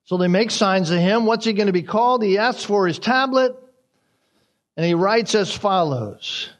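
A man preaching an expository sermon, animated, acting out the crowd's reactions as he retells the story. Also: sits high, normal speed.

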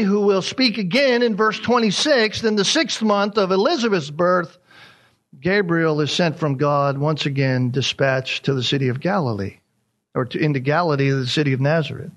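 A man's voice: a little high, a bit bright. A man preaching a sermon as a pastor, emphatic and repeating his key points.

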